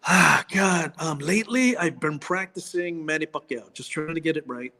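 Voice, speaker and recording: A man in his fifties with a somewhat high voice. He talks in a loose, easygoing way, with lots of fillers and quick laughs. He sounds like a guest comedian in a casual chat. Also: creaky, bright, forceful tone. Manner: easygoing, laughs often, says "you know, man".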